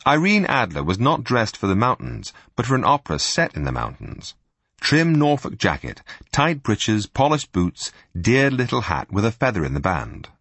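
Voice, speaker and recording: A man narrates a first-person story in a wry, storytelling voice that swoops high and low. His tone is somewhat husky and fairly low. The recording is close and dry. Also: dry recording. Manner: wry, lively storytelling that slips into character voices. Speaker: audiobook narrator.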